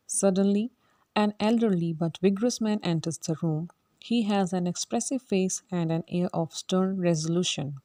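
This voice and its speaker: A woman's voice: lowish voice, normal speed, dark tone, no room sound. A woman reading a course-book play aloud, calling out the speaker names and the stage directions.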